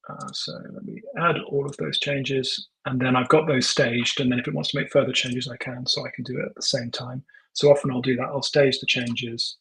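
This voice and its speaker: A man thinking aloud while he live-codes, muttering and halting, full of ums and self-corrections, now and then dictating prompts to the computer. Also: medium pitch, level tone, fairly bright tone, low-quality recording. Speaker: tech founder live coding.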